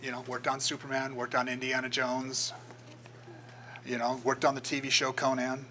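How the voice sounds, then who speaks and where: An older man gives a relaxed talk to a club about his design work, slipping into the voices of the people in his stories. His voice is bright and forward, at an ordinary pitch. A faint hiss of background noise sits under the recording. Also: normal speed, rough recording. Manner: storytelling, acts out quoted voices. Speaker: guest speaker, graphic designer. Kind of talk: casual presentation to a club. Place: meeting room.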